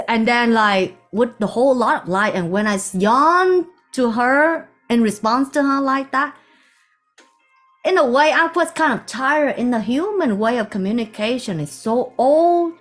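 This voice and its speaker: Soft-spoken woman telling a spiritual story. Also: on the high side. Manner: soft-spoken, meandering, with hushed asides. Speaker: spiritual teacher.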